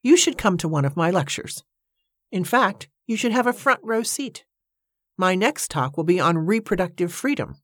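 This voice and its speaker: A haughty suffragist leader who declaims every sentence like a public speech, as a woman narrator puts her on. The voice is raised and insistent, set over a low, dry reading voice. It is close and clean, with no room around it. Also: big pitch swings, moderate pace, dry recording. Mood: indignant, declaiming. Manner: pompous, declaiming. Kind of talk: audiobook character reading.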